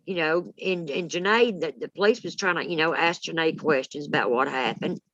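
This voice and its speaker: A woman, telling a story in a blunt, salty and animated way. Her voice sits low, and the sound is close, dry and a little muffled. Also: brisk, no echo. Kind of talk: casual storytelling chat.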